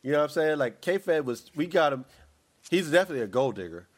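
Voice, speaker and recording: A man's voice: a little high, very animated, quick pace. A man in casual chat, talking in a rambling, opinionated way with many restarts.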